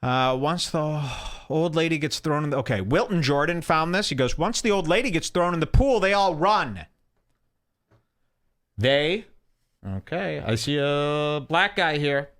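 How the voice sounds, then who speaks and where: Slightly high and fairly bright, this man's voice is expressive and a little slow. Hosting an internet radio show through a headache, he rambles irreverently, mocking and scolding in rant after rant.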